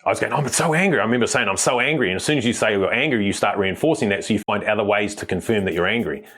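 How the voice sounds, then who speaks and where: A man, a mindset coach, explaining ideas as a guest in a podcast interview, quick and emphatic, with stories from the farm. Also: lowish voice, a bit bright.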